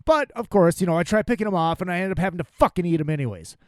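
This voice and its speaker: A man's voice: sits high, lively intonation, very fast, a little mellow, dry recording, clean studio sound. Profane, exasperated man ranting on a podcast. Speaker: podcast host.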